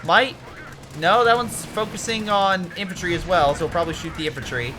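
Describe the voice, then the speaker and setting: A man giving casual commentary on a strategy game replay, excitable and ranting, swearing and swinging from mutters to yells. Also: sits high, fairly quick, background noise.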